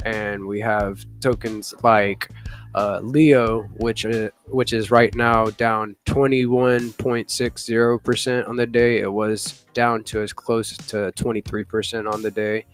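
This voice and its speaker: A man's voice: lowish voice, level tone, slow. Man, live show host, casual rambling talk, filler-heavy, faint music underneath. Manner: rambling, many fillers, laughs often. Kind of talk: casual live crypto news chat.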